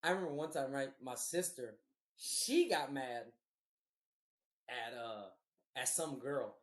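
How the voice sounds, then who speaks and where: A young man co-hosting a podcast, telling stories in an animated, profane, slangy way and laughing often. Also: medium pitch, slow, reverberant. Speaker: podcast co-host. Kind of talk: casual storytelling chat.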